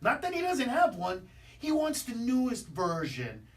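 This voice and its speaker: Loud brash comedian guy ranting jokes on the radio, sounds a little off-mic. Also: very high-pitched, huge pitch swings, unhurried, far from the mic. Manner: brash, ranting punchlines, bursts of shouting. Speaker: comedian guest. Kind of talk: stand-up style radio chat. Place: radio studio.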